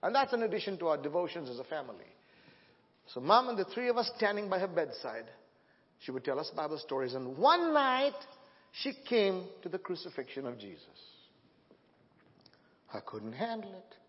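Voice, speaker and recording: A middle-aged man preaching a sermon as guest preacher, telling a personal story with emotion and building to loud proclamations, on a church microphone. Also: on the high side, big pitch swings, fairly quick, pauses often. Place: church sanctuary. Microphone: handheld or stand microphone. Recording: dull sound with long hall reverb.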